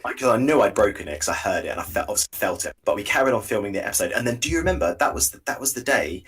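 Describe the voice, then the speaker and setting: A young man co-hosting a podcast, telling stories in animated, casual chat and laughing at his own mishaps. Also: fairly low pitch, rapid-fire, husky, far from the mic. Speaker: podcast co-host.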